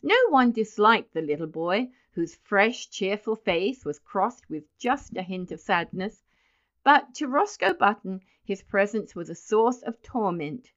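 Casting: woman audiobook narrator, measured storybook reading, mid-pitched voice, slightly muffled recording. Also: expressive, fairly bright tone.

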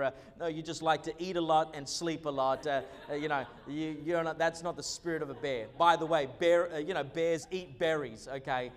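Animated high-voiced male preacher, echoey hall. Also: moderate pace, few pauses. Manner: animated preaching with humorous asides and many fillers. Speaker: pastor. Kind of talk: sermon.

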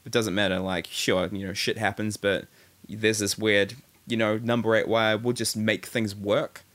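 A man with a New Zealand accent talks in a casual podcast chat, his voice sitting a little low. He speaks with eager, effusive enthusiasm, piling up praise as he goes. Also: level tone, normal speed, a bit bright. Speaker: podcast co-host.

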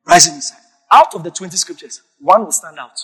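A man's voice: sits high, very animated, brisk, gravelly, husky. Emphatic preaching man in echoing hall. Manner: emphatic preaching, sudden shouts. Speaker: pastor. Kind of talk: sermon. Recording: long reverb of a large hall.

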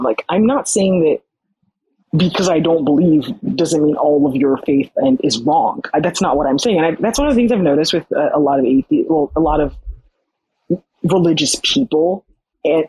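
A young adult podcast guest telling a personal story in casual, animated talk full of "like". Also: mid-range voice, slightly rough, dry recording, rough recording. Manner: animated, many fillers like "like".

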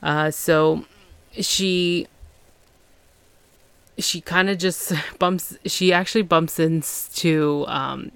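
A woman's voice: low-pitched, fairly even intonation, extremely slow, long pauses, a bit bright, smooth, no echo. A woman hosting a podcast, recapping a TV episode in casual chat, acting out the characters' lines with fillers and laughs. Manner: chatty, acts out quotes with fillers and laughs. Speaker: podcast host.

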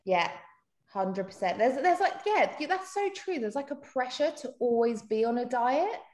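A woman's voice: on the high side, expressive, normal speed, a little mellow, echoey room. A woman from South Africa co-hosting a podcast in a chatty, casual way, often laughing and acting out quotes. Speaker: podcast co-host. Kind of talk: casual chat.

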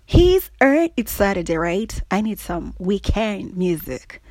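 Playful, lively woman, laughing a lot. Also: mid-range voice, takes it slowly, no echo. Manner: laughs often, teasing and playful, repeats "all right?". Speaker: podcast host. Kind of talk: casual solo chat.

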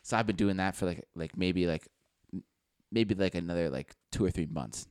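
A young man spins a story for his podcast co-host. His voice sits low, and the sound is dry and close. He is animated, swears freely and laughs at his own tale. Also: normal speed, dry recording. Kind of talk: casual storytelling chat.

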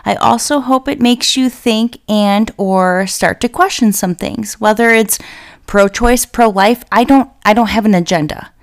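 Casting: young woman, podcast host, gravelly fry in the voice, profane, heated, rant-style delivery. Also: mid-range voice, unhurried. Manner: blunt, profane, fired-up venting. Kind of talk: casual ranting monologue.

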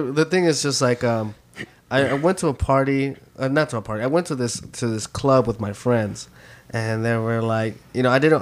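Male podcast co-host, mid pitch, rambling storyteller, lots of fillers. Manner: rambling, repeats words, many fillers. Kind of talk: casual chat, storytelling.

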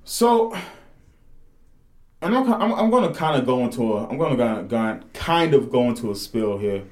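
A man's voice: mid-range voice, expressive, moderate pace, a little mellow, reverberant. A young man co-hosting a podcast, telling loose, profane stories full of fillers. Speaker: podcast co-host. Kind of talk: casual chat.

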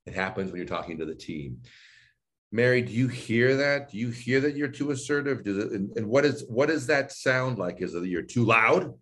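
A man's voice: medium pitch, normal speed. A male voice and speech coach in an interview, explaining his sessions and acting out both himself and his client. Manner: animated, acts out both sides of a coaching dialogue.

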